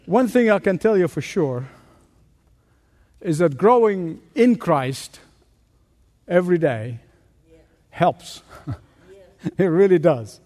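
A man preaching a sermon as pastor, animated, asking rhetorical questions and joking about his own faults. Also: a little high. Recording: long reverb of a large hall.

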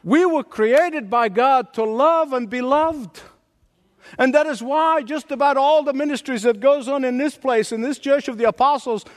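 A man's voice: very high-pitched, in a large hall. A man preaching a sermon as pastor in a large church, emphatic and repetitive, swinging his delivery up and down for effect.

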